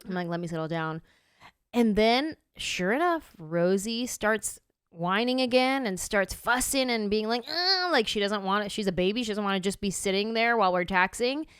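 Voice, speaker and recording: A woman in her thirties hosting a podcast, telling a story in a casual, animated way and acting out her own reactions. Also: medium pitch, moderate pace, smooth, dry recording, studio quality. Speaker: podcast host.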